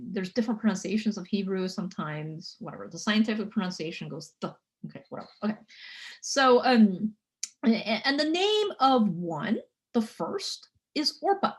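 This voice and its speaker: A woman lecturing on biblical Hebrew in a chatty way, full of fillers and frequent "okay?" checks, slowing down to sound out words. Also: mid-range voice. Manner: spells out Hebrew words slowly.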